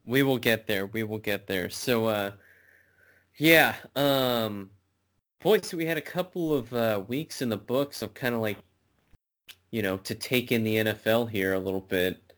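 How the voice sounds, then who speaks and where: A man's voice: fairly low pitch, unhurried, fairly bright tone. A man co-hosting a podcast in a casual sports chat, rambling and swearing freely. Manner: rambling, profane, says bro a lot. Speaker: podcast co-host.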